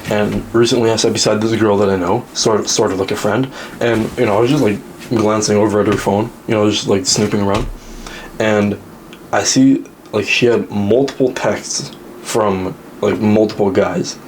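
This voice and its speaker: A young man ranting straight to the camera in a mocking, crude, lecturing way, putting on high whiny voices when he quotes others. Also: steady tone, normal speed, a little mellow, slight background noise. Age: young adult. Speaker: social media commentator. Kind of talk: direct-to-camera rant.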